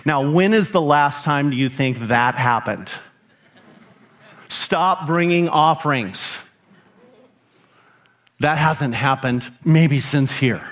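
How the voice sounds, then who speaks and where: A man's voice: animated, slow, fairly bright tone. Emphatic middle-aged male pastor preaching. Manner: emphatic preaching, rising pitch on key phrases, rhetorical questions. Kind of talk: sermon.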